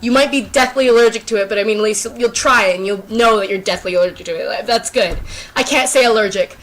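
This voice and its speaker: A woman's voice: medium pitch, fast talker, a bit bright, a little hiss or hum. A teenage girl with a sore throat, chatting casually and rambling to the camera, self-deprecating and full of fillers. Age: teens. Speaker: YouTuber. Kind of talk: casual unscripted chat to camera.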